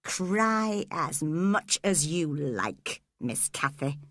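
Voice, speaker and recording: A woman voicing a cruel, scheming older man who speaks low, quiet and menacing. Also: expressive, very slow, no room sound, studio quality, full character voice. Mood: threatening.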